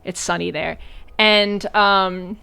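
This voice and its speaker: A woman's voice: medium pitch, fairly even intonation, takes it slowly, gravelly, pushed and bright, clear, resonant tone. A woman streamer giving a casual, sarcastic and profane recap of a film, often breaking into giggles.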